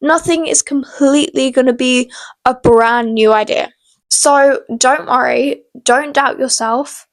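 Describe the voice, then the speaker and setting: A woman's voice: high voice, measured pace, no room sound, low-quality recording. A young woman chatting casually as a book vlogger, rambling and full of fillers. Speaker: book vlogger and self-published author. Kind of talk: casual chat to camera.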